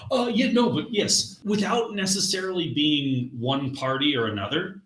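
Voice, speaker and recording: A man's voice: fairly high pitch, normal speed, fairly bright tone, reverberant. A man co-hosting a movie podcast, easygoing and joking in casual chat. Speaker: podcast co-host.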